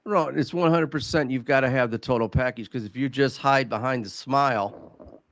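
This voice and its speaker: A man's voice: mid-range voice, normal speed, fairly bright tone, no room sound. A man co-hosting a casual podcast conversation, talking in an easygoing way and often repeating words as he thinks aloud. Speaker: podcast co-host.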